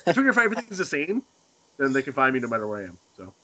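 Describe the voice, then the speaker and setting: A man from Northern Maine, a pro wrestler guest in a casual interview, telling animated stories and chuckling often. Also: mid-range voice, very fast.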